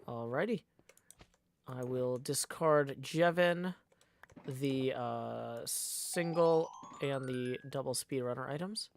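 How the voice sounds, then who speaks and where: Streaming a card game, a man chats casually and calls his moves, tossing in playful jokes along the way. His voice sits at medium pitch, slow and with vocal fry, and faint music plays behind him.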